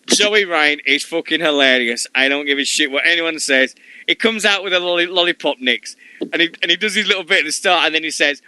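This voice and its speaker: Sweary, excitable Sheffield man. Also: on the high side, brisk, smooth, no room sound, poor audio. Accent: Sheffield English. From Sheffield, England. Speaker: radio show co-host. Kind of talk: casual chat.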